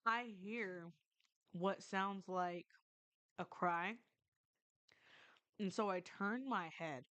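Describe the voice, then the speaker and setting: A woman's voice: medium pitch, very slow, a bit bright, clear, resonant tone. A young woman streamer telling a true story in a loose, rambling way, with lots of fillers and casual swearing.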